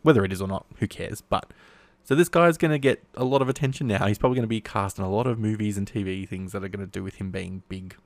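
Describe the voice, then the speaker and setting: A man's voice: fairly low pitch, quick pace, no room sound. A young man chatting casually and rambling, laughing often as he talks. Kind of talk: casual solo chat.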